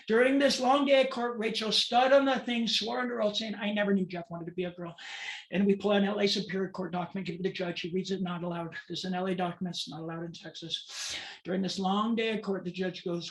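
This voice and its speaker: A woman advocate giving a talk about her life, telling her story dramatically and acting out the voices of the people she quotes. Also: lowish voice. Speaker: transgender advocate and speaker. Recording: roomy, distant mic.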